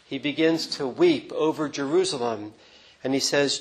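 This sermon on a gospel passage comes from a medium-pitched man who speaks earnestly and without hurry. He restarts in small ways while explaining the text, captured on a rough recording.

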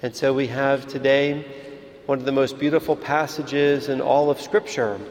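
A man, a priest, giving a calm, measured sermon in a church. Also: mid-range voice, a little hiss or hum. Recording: reverberant hall with faint ambience.

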